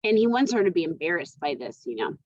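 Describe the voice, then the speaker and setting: A woman's voice: fairly low pitch, very animated, quick pace, dry recording, dull audio. A woman teacher who reads a play aloud in turn and then retells each part in casual everyday words. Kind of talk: reading and explaining a play to students.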